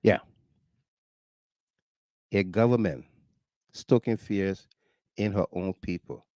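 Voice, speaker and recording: A man's voice: low voice, takes it slowly, warm tone, no room sound. A man with a Liberian accent hosting a talk show, commenting on video clips with urgent, indignant repetition. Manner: urgent, indignant, repeats phrases for emphasis.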